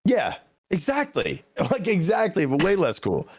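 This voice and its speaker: A young man and podcast guest in casual chat, telling a story with lively impressions of the people in it. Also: sits high, unhurried, husky, no room sound. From Philadelphia area, USA. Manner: animated storyteller who acts out quoted people.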